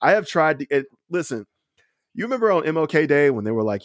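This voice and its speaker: A man's voice: mid-range voice, lively intonation, no echo, clean studio sound. A man as a podcast guest in casual sports chat, telling a story with sarcasm. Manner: sarcastic, fast storytelling with laughs.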